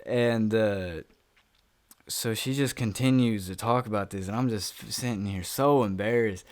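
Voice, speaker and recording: A young man with a slightly low voice tells a personal story for his vlog. He rambles and leans on fillers like "uh" and "like." He swears casually and laughs at himself as he goes, talking from home. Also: a little slow, no room sound. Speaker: YouTuber telling a personal story.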